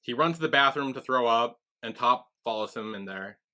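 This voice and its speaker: A man's voice: mid-range voice, normal speed, pushed and bright. A man co-hosting a podcast, casually retelling scenes and acting out the characters' lines with frequent laughs. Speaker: podcast co-host. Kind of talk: casual recap chat.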